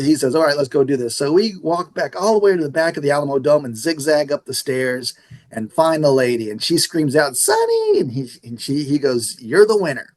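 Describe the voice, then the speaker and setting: Animated middle-aged storyteller, fairly high voice. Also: male voice. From San Antonio area, Texas. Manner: animated storyteller acting out dialogue. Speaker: radio station manager, podcast guest. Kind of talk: casual storytelling interview.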